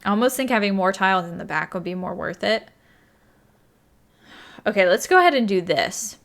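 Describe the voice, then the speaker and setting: A young woman talks through a video game session in a casual, think-aloud way. She counts under her breath, second-guesses herself and says sorry often, with a voice of middling pitch. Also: animated, normal speed, vocal fry, fairly bright tone. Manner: thinks aloud, counts tiles, apologetic and chatty. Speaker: gaming YouTuber. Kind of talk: casual let's-play commentary.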